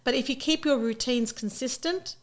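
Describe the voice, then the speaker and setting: A woman's voice: high-pitched, normal speed. Reassuring woman. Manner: reassuring, advice-giving, fond of fillers. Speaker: co-host, childcare educator. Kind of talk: casual podcast chat.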